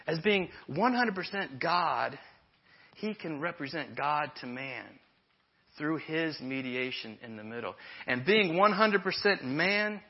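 A man's voice: a little high, breathy edge, dull audio. A man preaching a sermon in a conversational way, with humorous asides to his congregation. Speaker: pastor.

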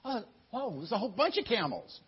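A man doing an excitable high-pitched brother. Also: brisk, breathy edge, full character voice. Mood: excited. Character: excited scheming brother spotting a caravan. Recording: muffled lo-fi recording.

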